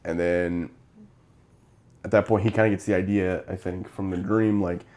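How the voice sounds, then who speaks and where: Lowish-voiced young man retelling a movie. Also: moderate pace. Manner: animated retelling, acts out characters' lines. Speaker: podcast co-host. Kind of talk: casual movie review chat.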